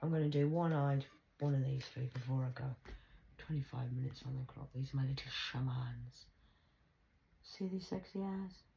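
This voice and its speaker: A woman with a low voice talks into her phone alone at home at night. She rambles, swears freely, and swings from hushed whispers to sudden loud outbursts. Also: little pitch movement, a little fast, gravelly, noisy background. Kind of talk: late-night solo phone vlog. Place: at home indoors.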